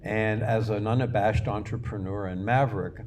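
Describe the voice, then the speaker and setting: Older male lecturer, low-pitched, chatty anecdotal storyteller, wry and self-mocking; noisy room recording. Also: steady tone, moderate pace. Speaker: guest lecturer, artist.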